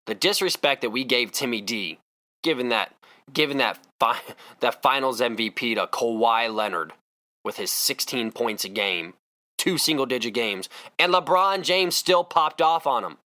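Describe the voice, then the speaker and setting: A man's voice: medium pitch, expressive, normal speed, sharp tone. A man hosting a solo sports podcast, ranting in a fired-up, emphatic way. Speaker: podcast host.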